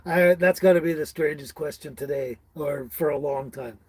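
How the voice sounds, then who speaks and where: A man's voice: fairly high pitch, moderate pace, slightly rough, poor audio. A middle-aged man hosting a casual live stream, chatting with viewers by name in a rambling way and laughing often. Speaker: livestream host.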